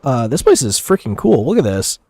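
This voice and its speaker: A man talking loosely through a live gaming stream. His pitch sits at an ordinary middle level. He rambles and piles on fillers as he chats with viewers, chuckling easily between thoughts. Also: sing-song, brisk, darkish tone, breathy edge, no echo. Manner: chats with viewers while playing. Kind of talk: casual gameplay commentary.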